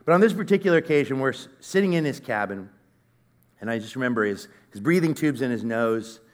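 A middle-aged man giving a sermon, telling a personal story in a conversational, earnest way that swings from loud to hushed. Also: medium pitch. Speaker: conference speaker.

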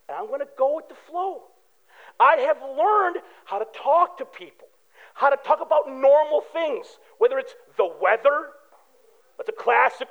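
In a recording with the highs cut off, a pastor speaks in a very high-pitched voice. His sermon is conversational and full of everyday stories, told casually with asides to the congregation.

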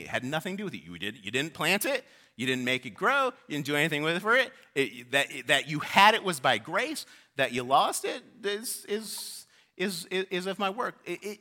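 A preacher voicing God, patient and questioning. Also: male voice, fairly high pitch, bright, forceful tone, voice pushed up. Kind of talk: sermon storytelling.

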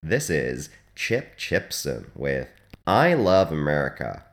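A man hosting a comic hospital radio show in a dry, deadpan monologue with sudden loud jumps. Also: extremely low pitch, takes it slowly, noisy background.

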